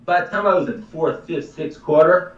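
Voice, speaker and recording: A man's voice: fairly high pitch, normal speed, echoey room, recorded from a distance, highs cut off. A man telling a long story in casual, emphatic talk, a chiropractor guesting on a live show. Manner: animated, emphatic, swears casually.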